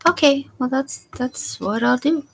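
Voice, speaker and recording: A woman's voice: high-pitched, a little slow, creaky, a little hiss or hum. A woman hosting a casual late-night livestream from home, chatting and rambling as she greets viewers by name. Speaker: livestream host.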